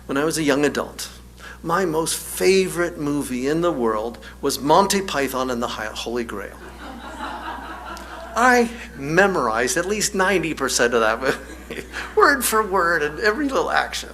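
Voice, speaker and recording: Wry, bright-voiced male minister preaching. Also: fairly high pitch, a little hiss or hum. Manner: storytelling, wry, laughs often. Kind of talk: sermon.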